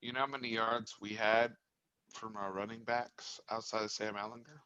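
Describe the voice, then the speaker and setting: A man hosting an instant-reaction sports talk show, a frustrated fan venting about the game, at times raising his voice to a yell. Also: lowish voice, steady tone, normal speed, dull audio. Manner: impassioned, builds to yelling.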